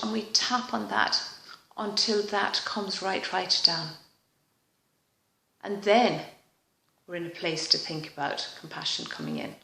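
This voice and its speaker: A woman leading a guided EFT tapping session in a slow, soft, reflective manner, pausing for frequent sighs. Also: fairly low pitch, roomy sound.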